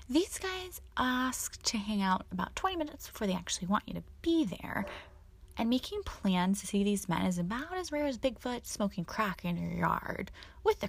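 A young woman hosting a sassy, profane comedic monologue. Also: medium pitch. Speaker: host.

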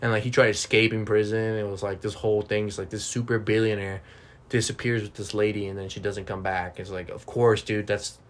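A man's voice: fairly low pitch, a little fast. A man co-hosting a casual podcast, rambling through a story with many fillers. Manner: rambling, filler-heavy, animated. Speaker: podcast co-host. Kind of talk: casual chat.

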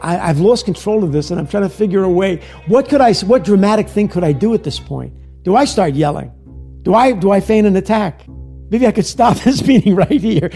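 A man's voice: high-pitched, expressive, brisk, mellow, slightly rough, faint music behind. A man being interviewed, reflecting on past events in a wry, self-questioning way. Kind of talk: reflective recollection.

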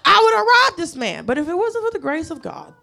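A woman tells a stand-up story. She is profane and animated, and she acts out the people in it. Her delivery swings from loud to hushed. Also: very high voice, fairly quick, creaky. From United States. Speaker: stand-up comedian. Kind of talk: stand-up comedy set.

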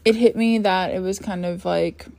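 With a fairly low, creaky, somewhat dark voice, a twenty-something podcast host talks about her own life in a relaxed vlog format at a moderate, even pace. Worn out and yawning, she meanders through her thoughts with frequent fillers and false starts.

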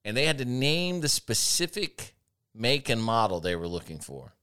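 A man's voice: mid-range voice, very animated, moderate pace, bright, forceful tone, smooth. A man hosting a casual talk show, telling sardonic stories about an old job and laughing often. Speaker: podcast host. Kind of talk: casual chat, storytelling.

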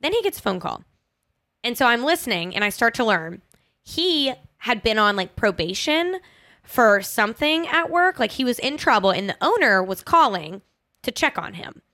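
Young woman host, twenties, casual animated storyteller; lively high voice, dry close sound. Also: normal speed, dry recording. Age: 20s. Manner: animated, dramatic retelling with laughter. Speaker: podcast host.

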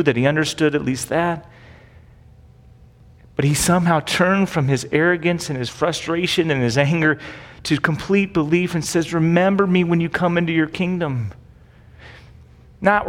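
A man preaching as a pastor, explaining scripture in an easygoing, conversational manner and often tossing in rhetorical questions. His voice sits a little higher than most men's. A long reverb trails after his words, as in a large hall. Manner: casual, asks rhetorical questions with "right?". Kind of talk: conversational Bible teaching.

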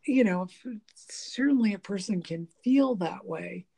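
A woman with a gravelly, low-key mellow voice chats casually about relationships at a measured pace. She rambles with plenty of fillers and restarts, laughs often, and animatedly acts out snippets of dialogue.

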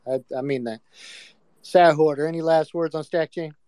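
A man with a fairly high, smooth voice hosts a casual group chat. He swears freely and calls on each speaker in turn. The sound is dry and close. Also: steady tone, moderate pace, dark tone, dry recording. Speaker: host.

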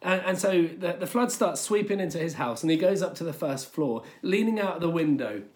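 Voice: mid-range voice, animated, moderate pace. Preacher in a sermon, chatty, storytelling, says like a lot. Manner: conversational, storytelling, with fillers like "like".

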